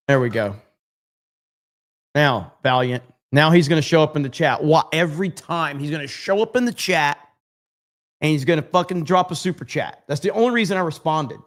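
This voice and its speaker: Man, livestream host, somewhat high voice, loose profane chatter, reads comments aloud. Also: a bit bright. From United States. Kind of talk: casual livestream chat reading comments.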